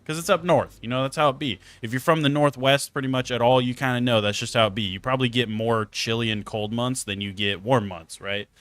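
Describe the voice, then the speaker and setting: A man's voice: mid-range voice, a little fast, few pauses, no echo. A young man streaming a game, telling stories to chat in a casual, swearing, exasperated way. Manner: animated, swearing, exasperated storytelling. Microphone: close desk mic.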